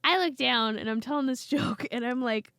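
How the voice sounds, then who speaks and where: A woman's voice: a little high, moderate pace, no room sound, clean studio sound. A woman comedian telling stories in a casual chat, acting out her family's lines. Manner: animated, acts out family members' lines. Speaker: comedian guest. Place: basement studio.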